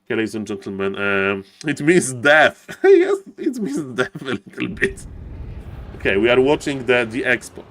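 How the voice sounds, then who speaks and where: A man casting a strategy game live on stream, excitable and chatty, often shouting with excitement and thanking viewers by name. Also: moderate pace, slight background noise. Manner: excitable, repeats "ladies and gentlemen", bursts into high-pitched shouts. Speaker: game caster. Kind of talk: live-streamed esports commentary.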